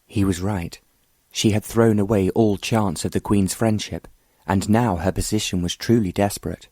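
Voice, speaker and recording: A man narrating a historical romance audiobook in an even, measured way. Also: lowish voice, dry recording. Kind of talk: scripted narration of a romance novel.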